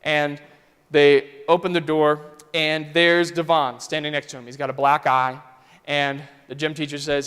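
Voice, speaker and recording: A man's voice: a little high, little pitch movement, a little slow, a bit bright, clear, resonant tone. A male pastor telling a story in a conversational, vivid sermon style, in a church sanctuary. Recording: long church reverb.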